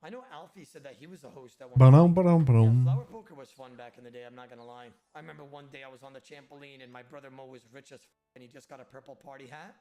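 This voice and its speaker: A man chatting casually to his livestream chat while gaming, animated and swearing freely. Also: medium pitch, racing, hardly any pauses. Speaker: game streamer.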